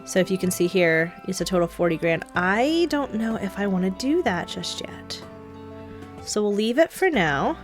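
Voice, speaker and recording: A young woman giving casual, chatty gameplay commentary, thinking out loud and giggling. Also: medium pitch, sing-song, normal speed, soft background music. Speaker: gameplay streamer.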